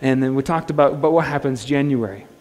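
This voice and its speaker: Casual joking pastor in a reverberant church. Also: male voice, medium pitch, a little fast, a little mellow. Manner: conversational, joking, with frequent restarts. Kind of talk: sermon. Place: church sanctuary. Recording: long church-hall reverb.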